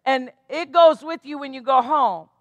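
Woman pastor, sermon, high pitch, dry close sound. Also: normal speed, no room sound. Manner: emphatic preaching with call-and-response asides.

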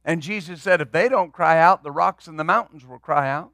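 High-voiced, bright preaching pastor. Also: male voice, fairly quick, no room sound, studio quality. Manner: preaching with rising, emphatic outbursts and repeated words. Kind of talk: sermon.

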